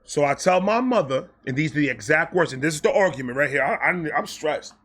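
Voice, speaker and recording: Fast and husky, a storyteller host from New York relates a personal story in his New York accent. He's animated and profane, jumping between loud bursts and low asides muttered under his breath.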